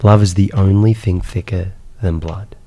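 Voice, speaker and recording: A man telling his life story as a podcast guest, animated, with repeated words and rhetorical questions. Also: low-pitched, moderate pace. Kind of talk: personal storytelling in a podcast interview.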